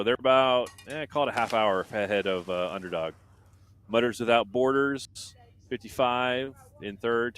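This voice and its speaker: A man's voice: mid-range voice, fairly bright tone. A man doing live race commentary from a booth, reading out team standings and viewer comments in a chatty way.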